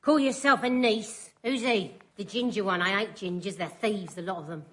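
A woman's voice: medium pitch, moderate pace, heavy background noise, natural voice. A woman playing a cantankerous older aunt who craves gin and snaps insults. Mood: rude. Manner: snappish and insulting. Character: cantankerous old aunt, gin-loving and rude.

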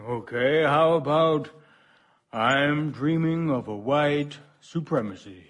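A laid-back old-time crooner with a slow, easy drawl, done by a man. His voice sits a little high and sounds somewhat distant. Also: fairly bright tone.

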